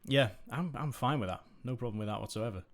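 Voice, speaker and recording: A man hosting a live stream and giving sim racing commentary, laid-back in chat and excited in the play-by-play. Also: medium pitch, fast talker. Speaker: race commentator and stream host.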